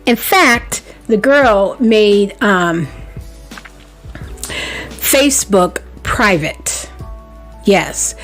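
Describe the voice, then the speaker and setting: A woman hosting a celebrity gossip vlog, sassy and playful, talking straight to her viewers. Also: fairly high pitch.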